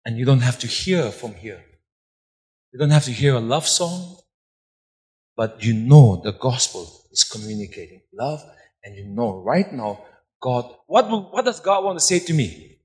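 A man preaching a sermon. He repeats words for emphasis and swings between hushed and loud delivery. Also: mid-range voice, lively intonation, unhurried. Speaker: pastor. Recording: long hall reverb.

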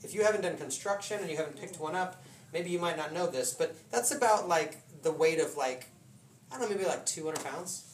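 A man's voice: on the high side, fairly quick. A man preaching a casual sermon, telling stories with laughs and voiced asides. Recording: roomy hall from a distant mic with noise.

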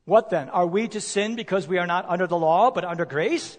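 A male preacher delivering a sermon, emphatic, posing rhetorical questions and slowing down to stress key words. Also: sits high. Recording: long reverb of a large hall.

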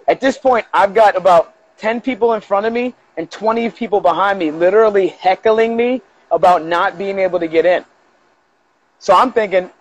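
A man with a notably high speaking voice spins a long tale in a casual podcast chat. He's animated and loose, jumping into other people's lines to act them out. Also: poor audio. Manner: animated, acts out quoted dialogue with profanity. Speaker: guest. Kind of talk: casual storytelling in a podcast interview.

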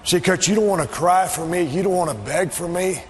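A man cutting a wrestling promo, taunting and mocking, often shouting. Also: sits high, fairly quick. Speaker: pro wrestler. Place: arena. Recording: echoey arena audio with faint background noise.

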